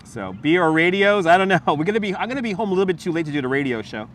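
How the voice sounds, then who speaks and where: A man's voice: fairly high pitch, big pitch swings, rapid-fire, fairly bright tone, slight background noise. A man hosting a casual livestream outdoors, rambling, laughing and swearing while he answers his chat. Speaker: livestream host. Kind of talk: casual live-stream chat while walking. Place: outdoors on a city waterfront. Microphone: wireless lapel mic.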